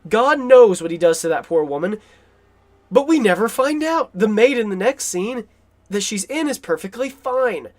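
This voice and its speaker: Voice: medium pitch, lively intonation, normal speed, a little mellow. Rambling enthusiastic film commentator. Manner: rambling, enthusiastic, many fillers.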